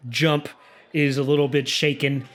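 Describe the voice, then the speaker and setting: A man narrating as game master of a tabletop game in a relaxed way. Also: mid-range voice, a little slow, faint music behind.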